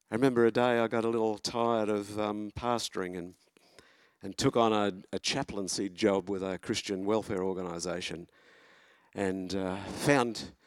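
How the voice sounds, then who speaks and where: A man, preaching a sermon from a church lectern in an earnest, encouraging way, pausing and restarting as he goes. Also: fairly low pitch, dry recording, studio quality. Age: 70s.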